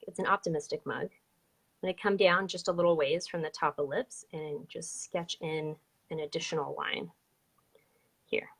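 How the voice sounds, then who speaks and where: A woman's voice: lowish voice, fairly bright tone. A woman teaching a live online drawing lesson, chatty and upbeat as she explains each step. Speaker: drawing instructor.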